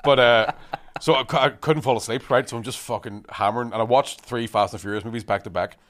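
A man's voice: medium pitch, fast. A young man telling a rambling travel story on a podcast, swearing and laughing often. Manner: swearing, laughing, animated anecdotes. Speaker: podcast host. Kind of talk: casual chat, storytelling.

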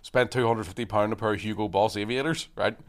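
Man, rapid podcast storytelling, sweary, laughing. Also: fairly low pitch. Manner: swearing, laughing, animated anecdotes. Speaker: podcast host. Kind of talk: casual chat, storytelling.

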